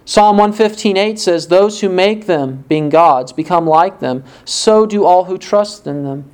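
A man preaching a sermon, reading scripture aloud and asking rhetorical questions, his pitch jumping up for emphasis. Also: unhurried, darkish tone, smooth. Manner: pitch rises sharply for emphasis.

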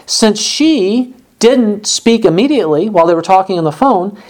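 A woman's voice: medium pitch, expressive, normal speed, a little mellow. A woman teaching a Bible sermon, earnest, acting out quoted lines as she goes.

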